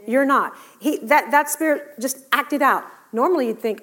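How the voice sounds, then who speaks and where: A woman preaching a sermon, telling Bible stories in an animated way and acting out the voices of the people in them. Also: high-pitched, moderate pace, hardly any pauses.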